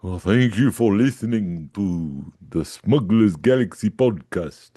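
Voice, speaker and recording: A man's voice: medium pitch, huge pitch swings, voice pushed up. Man doing a vampire-accented counting Count. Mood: theatrical. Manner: drawn-out counting with dramatic "ah, ah, ah". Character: slow theatrical vampire count puppet, male.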